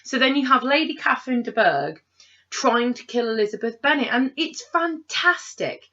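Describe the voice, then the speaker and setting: A woman's voice: on the high side, lively intonation, moderate pace, pushed and bright, muffled recording. A woman co-hosting a casual review chat, animatedly acting out characters' lines as she rants. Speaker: podcast co-host reviewing a film.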